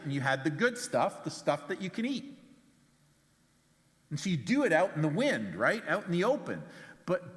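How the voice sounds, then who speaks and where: A man, a pastor, preaching a sermon and retelling a Bible story conversationally, often doubling words as he starts phrases. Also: fairly bright tone. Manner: storytelling, acts out quotes with big pitch jumps. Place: church sanctuary. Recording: long church hall reverb.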